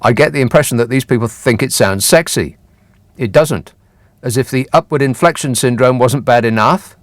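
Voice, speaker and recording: A man's voice: mid-range voice, normal speed, no echo. A man hosting a radio phone-in show, talking in a dry, sarcastic, teasing way. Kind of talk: late-night radio phone-in chat. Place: radio studio. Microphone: studio microphone.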